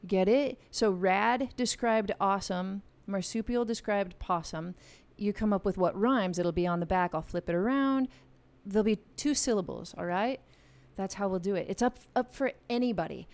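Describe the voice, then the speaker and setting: A woman with a medium-pitched, somewhat mellow voice talks at a normal speed with few pauses. As a music channel host running a live-stream game from her home music room, she chattily and playfully explains the rules to viewers through a studio vocal mic.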